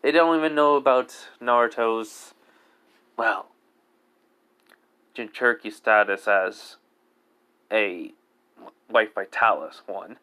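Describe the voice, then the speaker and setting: A man casually making up a fan-fiction story as he goes, rambling and stopping to correct himself. His voice sits fairly low and comes through clean. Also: takes it slowly, pauses often, bright, forceful tone, clear, resonant tone. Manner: rambling, heavy use of "basically" and self-corrections.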